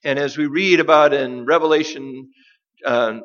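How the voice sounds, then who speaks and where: A man's voice: on the high side, fairly bright tone. Emphatic male preacher, dull recording. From United States. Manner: deliberate, emphatic preaching with dramatic pauses. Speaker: pastor. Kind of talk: sermon.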